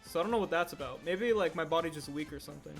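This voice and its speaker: Rapid-fire and with vocal fry, a man's voice on the high side carries over faint background music. He's livestreaming stop-motion animation work, chatting loosely as he works, rambling and correcting himself mid-sentence.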